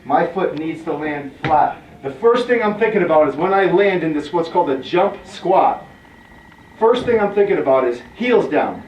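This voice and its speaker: A man's voice: a little high, lively intonation, normal speed, a little mellow, a little hiss or hum. A male fitness trainer giving a workout lesson, calling out short commands and counting reps aloud as he demonstrates. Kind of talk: workout instruction. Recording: echoey, distant, dull sound.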